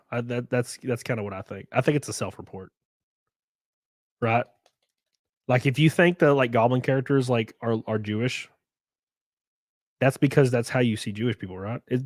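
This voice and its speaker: A man's voice: medium pitch, no room sound. A man with a Southern US accent chatting casually on a live stream, reading chat aloud, swearing freely and laughing often.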